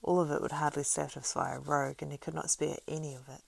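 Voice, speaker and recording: A woman reads a novel aloud at a steady, unhurried pace. Her voice is low with a gravelly fry running through it. The recording is dry and close. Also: no echo. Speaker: audiobook narrator. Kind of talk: storybook narration.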